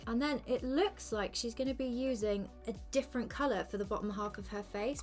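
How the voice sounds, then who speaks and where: A drag queen chats through a makeup tutorial, quick and self-mocking in her asides. Her voice sits in a middling pitch. Soft music plays faintly underneath. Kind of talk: casual makeup tutorial chat. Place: indoors at a makeup station under lights.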